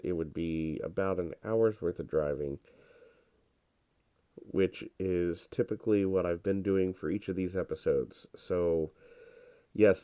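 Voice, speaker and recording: A congested man talks through his gameplay in a relaxed, rambling way. His voice is deep, mellow and smooth, and he takes his time. The recording is dry and close. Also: no echo. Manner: relaxed, rambling and self-deprecating. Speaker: gameplay commentator. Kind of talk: casual gameplay commentary.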